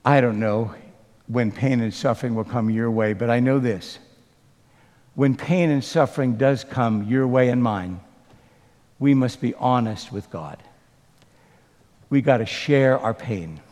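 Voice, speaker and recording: A man preaching a sermon as pastor, telling a story slowly and earnestly, with quoted dialogue. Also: medium pitch, darkish tone, long reverb tail.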